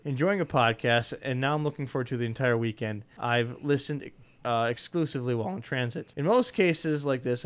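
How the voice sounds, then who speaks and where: A man's voice: mid-range voice, clean tone. A man narrating a first-person story in a wry, conversational way, with frequent uh fillers and small stumbles over words.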